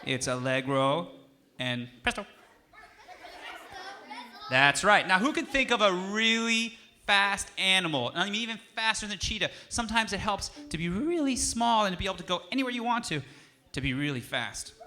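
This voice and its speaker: A man's voice: sits high, animated, normal speed, sharp tone, a faint crowd. A man teaching music to a young audience on stage, playful and coaxing, drawing the children in. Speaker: music educator. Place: concert stage.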